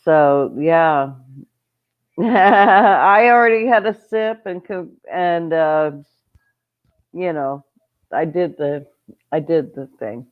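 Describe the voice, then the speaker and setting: A woman's voice: low voice, takes it slowly, long pauses, phone-quality sound. A woman hosting a homestead channel, telling a story in a casual livestream and breaking off to greet viewers. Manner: chatty, rambling, greets viewers mid-story.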